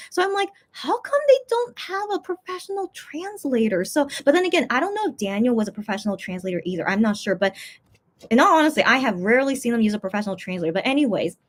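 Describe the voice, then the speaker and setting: A woman hosting her own channel, chatting casually to viewers in a rambling way, full of fillers and restarts. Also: high voice. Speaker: fan vlogger, channel host.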